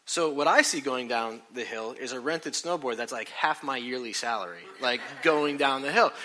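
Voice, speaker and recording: Man, middle-aged, bright forceful voice, lively self-mocking storytelling, sermon. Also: mid-range voice, moderate pace. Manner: animated, self-mocking storytelling with acted quotes.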